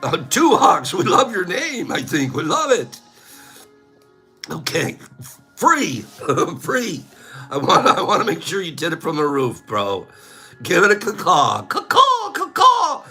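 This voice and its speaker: Host, male, middle-aged: goofy, laugh-prone, high bright voice that swings wildly, unhurried, light music underneath. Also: very animated, husky. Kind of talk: casual livestream chat.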